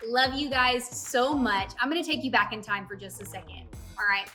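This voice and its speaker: A young woman speaking at a youth service, telling a personal story in a lively way and talking straight to the kids. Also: a little high, moderate pace. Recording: voice a bit distant from the mic, faint music.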